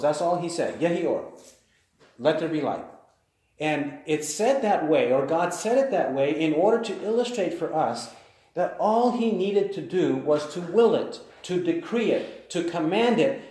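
Male preacher, emphatic and repetitive, warm timbre, heavily reverberant church hall. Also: on the high side. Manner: emphatic, repeats key phrases. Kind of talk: sermon. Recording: very echoey hall.

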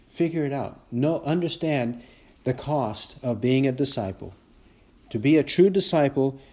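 Preacher, male, mellow dark tone, reads scripture with rising force at key lines. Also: medium pitch. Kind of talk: expository sermon.

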